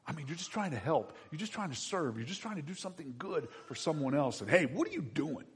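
A man preaching a sermon as pastor, animated, swinging between loud emphatic lines and quiet asides, acting out everyday voices as he goes. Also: a little high, quick pace. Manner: acts out everyday voices in quotes. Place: church sanctuary. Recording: husky voice in a reverberant hall.

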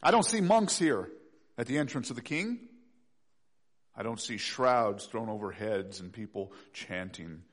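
A male pastor preaching a sermon to his congregation, swinging between soft low asides and loud rising pleas.

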